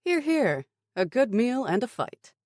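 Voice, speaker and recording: A woman voicing a cheerful, smug male army sergeant in an audiobook, on a low, mellow voice. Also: big pitch swings, normal speed, gravelly, no room sound, clean studio sound, heavily acted.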